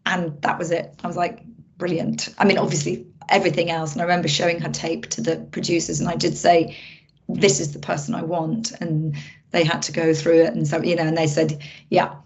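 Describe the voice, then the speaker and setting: A woman film director, a podcast guest, tells the story behind her work in an animated, chatty way, often circling back and restarting her sentences. Her voice sits slightly low, and the recording sounds muffled and lo-fi. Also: fast, vocal fry. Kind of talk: casual interview chat. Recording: muffled lo-fi audio.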